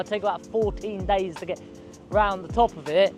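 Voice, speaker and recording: Young guy vlogging outside, rambly and slangy, kinda high voice. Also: fairly even intonation, normal speed, soft background music. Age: 20s. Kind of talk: casual storytelling to camera. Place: outdoors on a city street.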